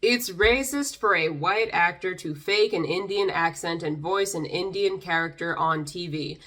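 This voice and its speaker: A woman's voice: fairly low pitch, a little slow, a bit bright. A young woman vlogger reacting to comments in a sarcastic, exasperated way, a little tipsy. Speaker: YouTuber reading comments. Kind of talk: casual commentary.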